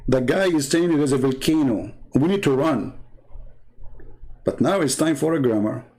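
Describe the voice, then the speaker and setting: A man's voice: on the high side, animated, normal speed, a little mellow. A man from the Middle East with an Arabic accent, a native Arabic speaker, hosting a live stream in a mocking, sarcastic rant. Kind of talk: casual livestream monologue.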